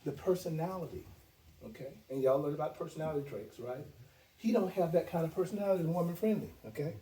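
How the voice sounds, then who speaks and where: A man's voice: a little high, fast, mellow. Emphatic male sales trainer in echoey room. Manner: emphatic, repetitive, asks "okay?" often. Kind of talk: motivational training talk. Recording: echoey room from far off, noisy.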